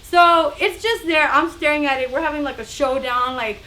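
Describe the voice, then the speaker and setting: A young woman telling a story in a casual vlog, chatty and animated, acting out the other people's voices. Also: high voice, normal speed, slight background noise. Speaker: vlogger.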